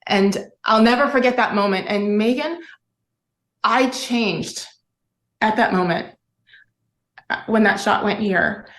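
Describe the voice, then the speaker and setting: A woman's voice: medium pitch, slow pace, pauses often, a bit bright, echoey room. A middle-aged woman, an interview guest, telling her story earnestly and emotionally, often restarting her sentences. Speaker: guest, former sportscaster.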